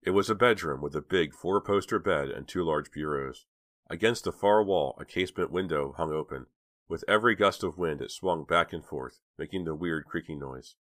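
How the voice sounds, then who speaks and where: A man with a very low voice narrating an audiobook. He reads in a measured, even storytelling manner. The sound is dry and close, with no room around it. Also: dry recording. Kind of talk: scripted narration.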